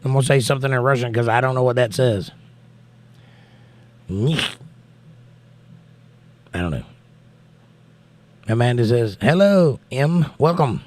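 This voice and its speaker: A man's voice: mid-range voice, fairly quick, hardly any pauses, darkish tone, a little hiss or hum. A man hosting a livestream, reading viewer comments aloud and answering them in casual chat.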